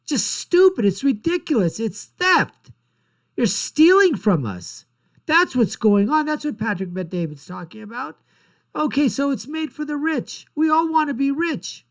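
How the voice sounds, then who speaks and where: A man's voice: very high-pitched, sing-song, a little slow. A man hosting a political commentary show, ranting in a blunt, sarcastic and mocking way.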